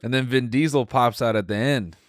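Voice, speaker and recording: A man's voice: medium pitch, dry recording, studio quality. A young man co-hosting a podcast in easygoing casual chat, often laughing. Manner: laid-back, quick to laugh. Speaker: podcast co-host.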